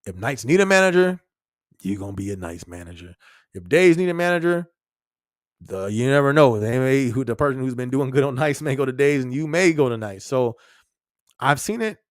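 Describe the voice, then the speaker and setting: A man's voice: medium pitch, expressive, a little fast, dry recording, clean studio sound. A man hosting a casual live-stream podcast, talking in a loose, slangy way and chuckling often while he answers viewers' comments. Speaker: podcast host.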